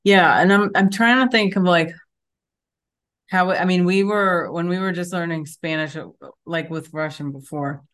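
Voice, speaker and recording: Woman, low register, podcast co-host, relaxed and chatty. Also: normal speed. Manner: chatty and reflective. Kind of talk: casual chat.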